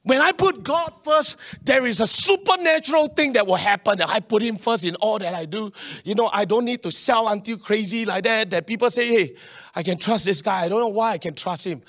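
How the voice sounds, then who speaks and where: A man preaching a sermon, animated, with local particles and many restarts. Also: high voice, fairly quick. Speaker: pastor.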